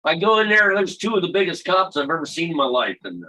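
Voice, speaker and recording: A man's voice: on the high side, big pitch swings, fast, pushed and bright, rough recording. A man in an easygoing casual chat on a video call, laughing along and telling a story of his own. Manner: easygoing, laughs along, tells a personal anecdote.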